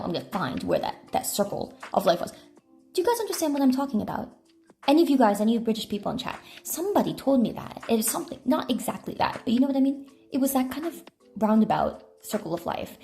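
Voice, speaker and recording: A young American woman from California livestreams on her phone while tasting snacks, chatting casually and talking to chat between bites. She swears offhandedly, and her voice is high with a dark tone.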